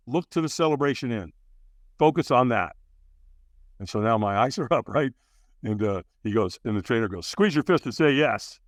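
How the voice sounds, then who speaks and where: A man telling a personal story as a podcast guest, acting out the other people's lines with big leaps in pitch. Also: expressive, fairly quick, dry recording. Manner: acts out dialogue with big jumps in pitch. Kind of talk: animated storytelling.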